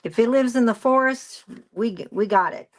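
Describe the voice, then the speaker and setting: A woman's voice: fairly high pitch, normal speed. A woman presenting a craft live stream, rambling through a story and greeting viewers by name as she works. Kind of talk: casual chat while crafting.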